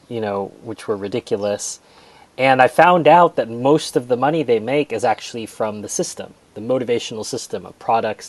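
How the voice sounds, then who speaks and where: A man's voice: mid-range voice, no echo. A man in a casual book review, talking conversationally with frequent restarts and repeated words.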